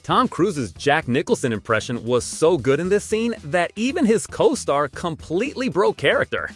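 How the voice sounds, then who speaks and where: A man's voice: a little high, big pitch swings, normal speed, a bit bright, faint music behind. A man narrating a video compilation in a scripted voice-over. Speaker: host narrator.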